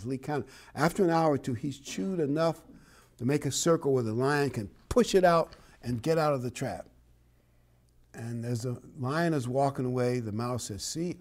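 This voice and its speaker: A man's voice: fairly high pitch, a little mellow. Chatty, encouraging male preacher. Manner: conversational, encouraging, chuckles. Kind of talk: sermon.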